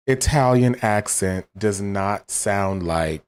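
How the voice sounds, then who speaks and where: A man's voice: low-pitched, expressive, unhurried. A man commentating on a retro game playthrough with wry, incredulous asides. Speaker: gamer commentator. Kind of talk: let's play commentary.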